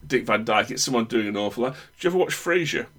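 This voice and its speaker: A man's voice: mid-range voice, expressive, quick pace, a bit bright. British man musing in casual chat. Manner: thoughtful, wordy, with frequent restarts. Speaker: podcast co-host.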